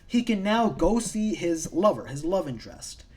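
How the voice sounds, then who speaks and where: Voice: medium pitch, sing-song, moderate pace, a little mellow, a little hiss or hum. A casual comic book reviewer recapping a story in a rambling, profane way that often repeats itself.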